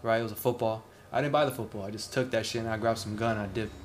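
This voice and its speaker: A man's voice: fairly low pitch, steady tone, rapid-fire, slight background noise. A man from Southern California chatting with friends on a podcast, laid-back and joking, with lots of slang. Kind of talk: casual chat among friends.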